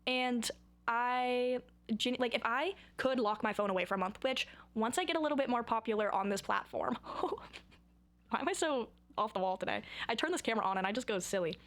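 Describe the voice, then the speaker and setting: A woman's voice: on the high side, a little fast, a bit bright. A young woman chatting to camera in a rambling, goofy, self-mocking way about her own habits. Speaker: vlogger. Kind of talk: casual chat to camera.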